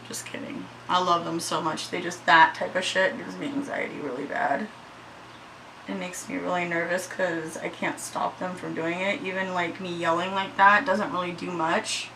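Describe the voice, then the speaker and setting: A woman's voice: fairly low pitch, a little hiss or hum, low-quality recording. A woman chatting casually through a makeup tutorial at home, shaky and anxious, swearing freely. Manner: chatty, swears freely, yells at her dogs. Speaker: beauty vlogger.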